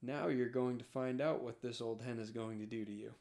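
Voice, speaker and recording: A man's voice: mid-range voice, fairly even intonation, fairly quick, vocal fry, darkish tone, natural voice. Man voicing a stern older woman judge, dry, level delivery.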